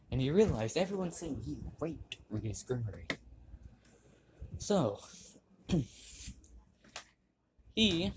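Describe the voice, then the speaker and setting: A young man casually retelling a fan story, halting with restarts and frequent throat clearing. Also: medium pitch. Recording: noisy home recording.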